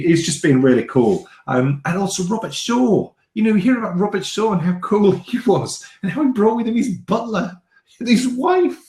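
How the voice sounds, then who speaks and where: A man's voice: fairly high pitch, a little mellow, roomy sound. A man co-hosting a live podcast show, chatting casually with enthusiasm and some hesitation. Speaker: podcast co-host. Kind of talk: casual chat.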